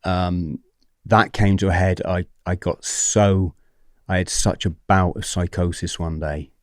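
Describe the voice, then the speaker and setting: A man with a fairly low voice tells his story to a podcast host, animated and blunt, swearing freely and often checking in with his listener. The recording is dry and close with no room sound. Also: unhurried, no echo. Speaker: podcast guest. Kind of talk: candid storytelling interview.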